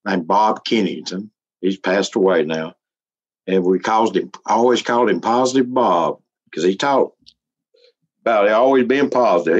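A middle-aged man, telling a story in casual, folksy talk, chuckling often and sometimes close to tears. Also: lowish voice. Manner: folksy, chuckling, gets emotional. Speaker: interviewee. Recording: slightly muffled recording.

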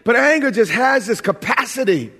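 Man from New York, pastor, high voice, joking conversational sermon, long hall echo. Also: lively intonation, pushed and bright, husky, some chatter behind. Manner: conversational, joking preaching with quick restarts.

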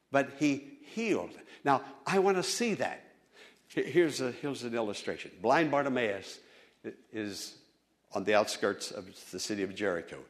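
Fervent male pastor preaching a sermon. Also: medium pitch. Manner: fervent, swings from hushed storytelling to loud exhortation.

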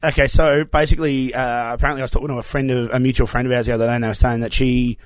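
A man's voice: medium pitch, flat delivery, rapid-fire, dry recording. An Australian man, a comedian, rambling and self-mocking as he tells stories in a casual podcast chat. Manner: rambling, self-mocking storyteller with many fillers. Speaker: comedian guest. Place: shed.

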